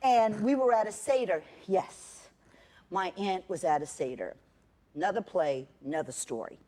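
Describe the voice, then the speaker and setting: A woman's voice: on the low side, normal speed, mellow. A middle-aged woman performing a sardonic, profane storytelling monologue on a theater stage. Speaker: solo performer.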